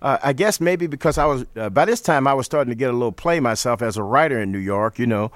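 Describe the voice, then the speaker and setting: A man from St. Louis telling stories in an interview, relaxed and often laughing, acting out the voices he quotes. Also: medium pitch, fast, no echo. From St. Louis, USA. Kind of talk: storytelling interview.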